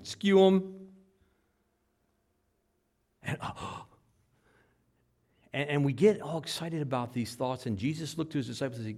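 Male preacher, sermon delivery; emphatic, loud peaks falling to low, quiet stretches. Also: slow, gravelly, long pauses. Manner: emphatic, rises loud then drops low.

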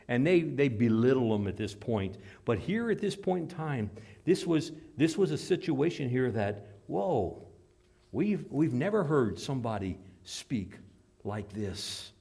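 A man's voice: mid-range voice, a little mellow, slightly rough. A man preaching a sermon in an emphatic, dramatic way, acting out the voices he quotes.

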